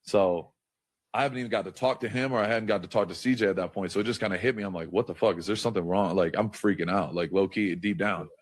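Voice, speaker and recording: A low-voiced man recounts events as an interview guest, rambling with constant fillers and casual swearing. His voice is very deep and sounds dry and close to the mic. He speaks in a loose, conversational way. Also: fast talker, no echo. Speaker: interview guest, pro football player.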